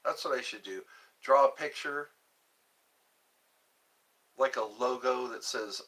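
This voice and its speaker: A man's voice: medium pitch, takes it slowly, pauses often, sharp tone. A man hosting his own live stream, rambling and joking between topics, greeting viewers and now and then breaking into mock cries.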